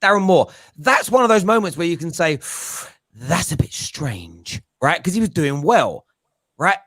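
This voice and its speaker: A man chatting casually as a football podcast pundit, animated and joking, slipping into mimicking voices. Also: high voice, brisk, no echo.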